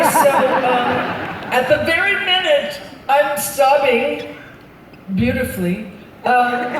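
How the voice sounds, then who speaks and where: Woman, 70s, live stage banter, storyteller who voices the other people in her stories; distant echoey crowd recording with noise. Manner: chatty, laughing, acts out other people's lines. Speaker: singer and actress on stage. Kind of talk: telling stories to a live audience. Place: large arena stage before a live crowd. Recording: distant audience recording in a booming arena.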